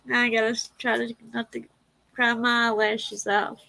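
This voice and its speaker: A woman's voice: fairly high pitch, little pitch movement, normal speed, creaky, bright, forceful tone, no room sound, poor audio. A woman hosting a casual livestream, reading prayers and speaking tenderly and emotionally. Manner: tender, emotional, laughs easily.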